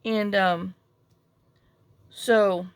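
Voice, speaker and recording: A woman's voice: mid-range voice, fairly even intonation, very slow, smooth, no echo. A middle-aged woman, rambling and self-deprecating as she tells a story while crafting at home. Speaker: crafting vlogger.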